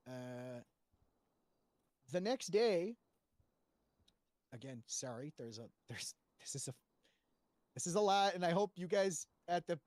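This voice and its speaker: A man's voice: a little high, darkish tone, no echo. A man retelling roleplay events to a panel in a rambling, profane way, full of fillers and restarts. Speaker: roleplay player giving testimony to a panel.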